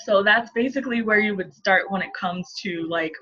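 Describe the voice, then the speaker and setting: A woman's voice: mid-range voice, normal speed, pushed and bright. A woman in her thirties, a marketing coach, teaching casually and playfully while laughing often. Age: 30s. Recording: dull lo-fi recording.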